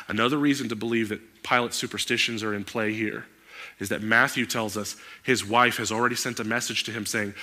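A man preaching a sermon, animated and moving into emphatic outbursts. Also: on the low side. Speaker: pastor.

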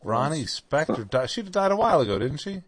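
A man's voice: fairly high pitch, big pitch swings, a little fast, breathy edge, dry recording. A man co-hosts a casual talk, joking around and laughing easily. His recording is dry, with no room sound around his voice. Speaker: podcast co-host. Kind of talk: casual chat.

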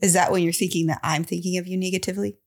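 A woman's voice: fairly low pitch, fairly even intonation, rapid-fire. A woman in her forties co-hosting a podcast, questioning her husband in casual chat and laughing often. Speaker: podcast co-host.

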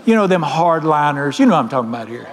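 A man's voice: on the high side, big pitch swings, quick pace. A man with a Southern US accent, preaching a sermon as pastor with folksy, emphatic storytelling in a church sanctuary. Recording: long reverb of a large hall.

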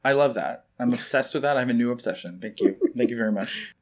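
A man co-hosting a casual comedy podcast in a campy, theatrical way. He is quick to laugh and jumps between high and low tones. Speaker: podcast co-host.

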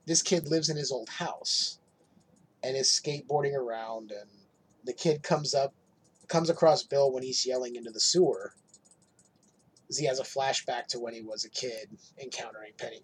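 On a casual podcast, a man with a mid-range voice and a slightly rough sound retells a horror movie at normal speed. He's animated, acting out lines and swearing freely as he recaps it.

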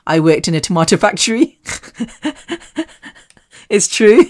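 A British woman hosts a solo podcast and talks straight to her listeners. Her voice sits on the low side for a woman. She rambles candidly, mocks herself and swears in passing. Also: lively intonation, measured pace. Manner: chatty, rambling and self-mocking, swears casually. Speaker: podcast host.

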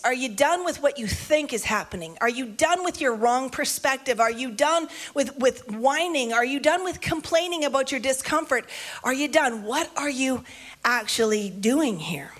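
A woman preacher reading a Bible passage aloud and breaking off into animated, conversational commentary. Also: high-pitched.

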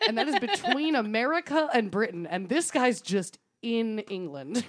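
A woman's voice: fairly high pitch, expressive, normal speed. A woman co-hosting a podcast, telling a story in a casual, chatty way, with frequent laughs, swearing and fillers. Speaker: podcast co-host.

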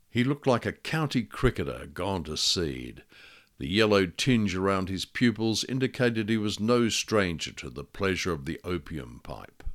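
A man's voice: low voice, fairly bright tone. A man reading his own first-person noir detective story in a dry, wry manner.

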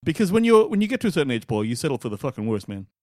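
A man's voice: mid-range voice, racing, no room sound, studio quality. A man co-hosting a podcast, chatting casually, swearing and laughing as he tells stories. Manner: swearing, laughing, animated storytelling. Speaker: podcast co-host. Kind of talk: casual chat.

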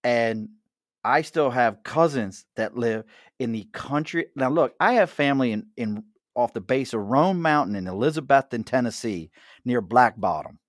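A man's voice: mid-range voice, expressive, moderate pace, dry recording, clean studio sound. A middle-aged man with a Mid-Atlantic accent, hosting a casual chat at a bar, jokey and chatty with frequent laughs. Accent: Mid-Atlantic American. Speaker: host.

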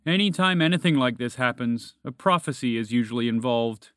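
A man voicing a calm, matter-of-fact orange dragon with a gentle, shrugging manner in a storybook reading. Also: mid-range voice, fairly quick, dry recording, studio quality, natural voice. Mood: wry.

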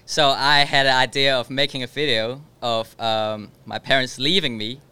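Bright smooth-voiced young man. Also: medium pitch, steady tone, moderate pace, no echo. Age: teens. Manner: soft-spoken, hesitant with fillers. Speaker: guest. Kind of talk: casual chat.

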